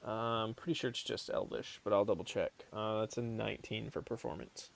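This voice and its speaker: A man playing a bard in a tabletop game, speaking in character in a slow, measured way. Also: lowish voice, flat delivery, vocal fry, slight background noise. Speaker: player.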